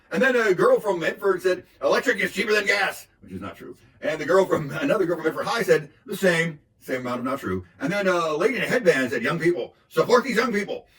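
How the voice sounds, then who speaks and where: Wry male commentator, husky and slightly high-pitched, deadpan sarcastic recap delivery with frequent "uh" fillers. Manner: wry, deadpan, lots of uh fillers, mocking quoted voices. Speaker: local video commentator. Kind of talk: casual sardonic meeting recap.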